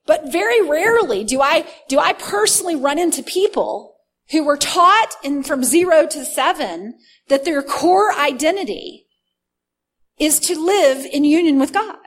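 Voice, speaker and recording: A woman preaching a sermon, teaching earnestly and slowing down to stress key words. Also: high voice, lively intonation.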